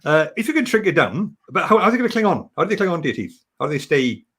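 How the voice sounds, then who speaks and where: A man from Wales trades dry, pedantic quips as a comedy guest. His slightly husky voice swings lively up and down, and it sits a bit high. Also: racing.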